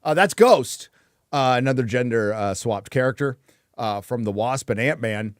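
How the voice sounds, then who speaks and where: A man's voice: medium pitch, lively intonation, moderate pace, no echo, studio quality. A man hosting a casual chat, reacting to trailers in a crude, joking, off-the-cuff way. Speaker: host.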